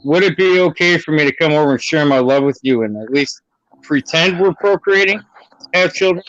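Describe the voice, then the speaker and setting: A man's voice: a little high, brisk, fairly bright tone, dry recording, highs cut off. A man calling in to a casual online talk show, joking crudely and flirting. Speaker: caller.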